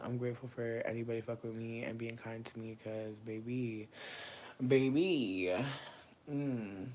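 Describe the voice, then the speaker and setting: A man in his thirties chatting casually on a livestream, slangy and profane, swinging from loud bursts to low murmurs.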